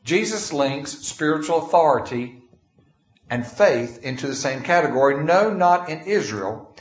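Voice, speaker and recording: Guy preaching, folksy stories, voice a bit high for a man, roomy church echo. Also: expressive, measured pace. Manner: folksy storytelling, reads scripture in King James wording. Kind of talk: sermon. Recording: echoey room.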